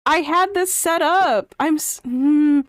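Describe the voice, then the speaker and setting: A woman streamer chatting casually on a live charity stream, excitable, laughing often and breaking into loud outbursts. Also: high-pitched, takes it slowly, no room sound, studio quality.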